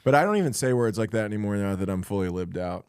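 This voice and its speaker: A young man, a stand-up comic co-hosting a podcast, telling a story in lively bursts and laughing as he goes. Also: on the low side, fast talker, smooth, dry recording, studio quality. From Florida. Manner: animated storyteller, laughs mid-sentence. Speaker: stand-up comedian and podcast co-host. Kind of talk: casual podcast chat.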